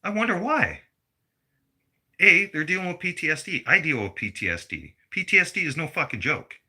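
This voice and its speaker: A man's voice: on the high side, very animated, normal speed, pushed and bright, breathy edge. A middle-aged man delivering a blunt, profane personal rant to his viewers. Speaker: vlogger.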